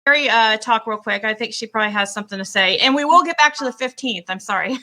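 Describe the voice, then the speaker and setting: A woman hosting a livestream, quickly handing the floor to callers and smoothing things over. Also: fairly high pitch, sharp tone. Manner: quick, apologetic, steering the talk. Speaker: livestream host. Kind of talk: moderating a livestream.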